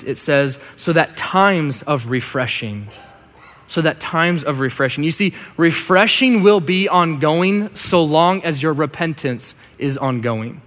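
A male pastor delivering a sermon with slow, emphatic lines and soft, hushed asides. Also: fairly high pitch. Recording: long hall reverb.

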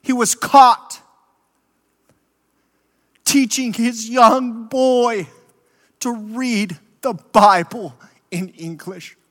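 A man preaches in a slow, deliberate cadence, his voice very high and bright. He builds to impassioned emphasis, and a long reverb from a large hall trails each phrase. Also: fairly even intonation. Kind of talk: sermon storytelling.

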